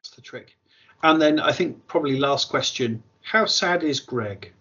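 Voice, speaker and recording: A man's voice: medium pitch, unhurried, pushed and bright, breathy edge, dull audio. A man hosting a podcast, steering the chat with dry, teasing questions. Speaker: podcast host. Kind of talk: casual chat.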